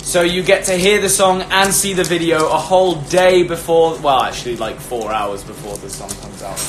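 A man's voice: a little high, moderate pace. A young man chatting casually on a phone live stream, giggly and rambling, often restarting his sentences. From Britain. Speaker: host of an Instagram live stream. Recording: echoey room, background noise.

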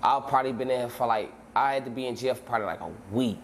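A man telling a long story as an interview guest, in heavy street slang, acting out scenes with sudden shouts and voices. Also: medium pitch, quick pace, slight background noise. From Chicago. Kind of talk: animated storytelling.

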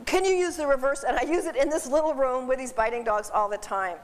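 A woman who works as a dog behavior consultant, giving a seminar in a chatty, animated way, laughing often and repeating her words. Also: high voice, fast talker. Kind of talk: informal seminar talk. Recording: distant voice in a reverberant hall.

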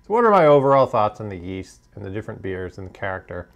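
A man's voice: fairly low pitch, big pitch swings, fast talker, lo-fi sound. A man hosting a homebrewing channel, casually reviewing his beers in a hesitant, hedging way, full of fillers.

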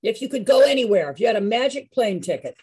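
A woman's voice: on the high side, very animated, fast, a little mellow, husky. A woman leading a live singing and movement class, upbeat and coaxing as she calls on people by name.

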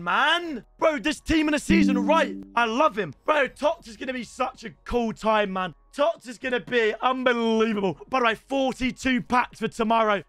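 A young British man streaming a football game, excitable, swearing and shouting, calling viewers lads. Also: extremely high pitch, no room sound. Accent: British English. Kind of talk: live gaming commentary.

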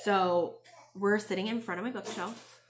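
A woman's voice: medium pitch, fairly even intonation, moderate pace. A woman hosting a crafting podcast from home, telling a story in a chatty, casual way. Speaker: crochet and knitting podcast host. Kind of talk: casual chat. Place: home, in front of a bookshelf.

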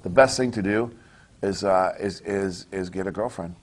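A lowish-voiced man from Canada answering interview questions in a blunt, casual way. He swears nearly every sentence and stumbles through restarts, never polished. The delivery stays loose and unscripted. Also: moderate pace. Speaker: wrestler guest. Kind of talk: casual profane interview talk.

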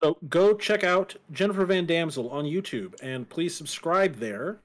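A young man co-hosting a casual live-stream talk show, relaxed and easygoing, laughing often. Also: on the high side, a little slow. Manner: easygoing, plugs his channels, laughs often. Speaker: co-host.

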